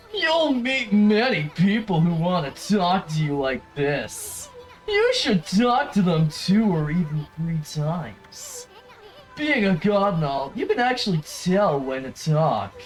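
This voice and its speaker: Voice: medium pitch, voice pushed up. A streamer voicing a tiny brash male companion who bossily explains the game's rules. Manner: bossy, explains game rules. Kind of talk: reading game dialogue aloud in voices.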